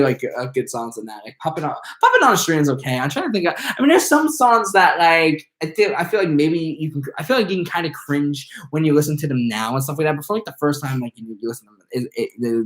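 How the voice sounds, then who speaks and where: A man hosting his own live stream, chatting casually and rambling, with many fillers and restarts. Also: on the high side. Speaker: channel host.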